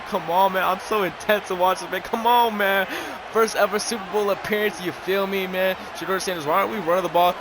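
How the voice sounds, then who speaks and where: A man's voice: sits high, fairly even intonation, fairly quick, few pauses, background noise. Hyped young man calling a football video game. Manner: hyped, anxious play-by-play, swears, says "man" and "bro" a lot. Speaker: gaming YouTuber. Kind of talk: excited game commentary. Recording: game music playing loud underneath. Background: video game music.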